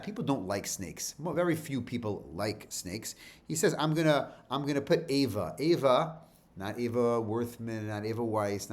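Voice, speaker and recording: A man giving a casual Torah lesson. He reads Hebrew verses and explains each one in plain, informal English, often repeating himself. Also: mid-range voice. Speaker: teacher.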